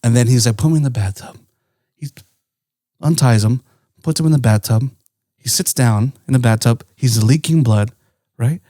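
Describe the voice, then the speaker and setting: A man at middle pitch tells a story across a podcast table in loose, rambling chat. He swears freely and keeps checking in with his listeners as he goes. The sound is close and dry, with no room around it. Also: moderate pace, pauses often, warm tone, dry recording. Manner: rambling, swears often, tags lines with "right?". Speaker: podcast co-host. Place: indoor podcast studio.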